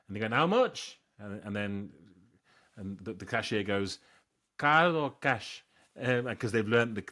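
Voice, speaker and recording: Male co-host, lower voice, emphatic conversational delivery. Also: a bit bright. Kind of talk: casual chat.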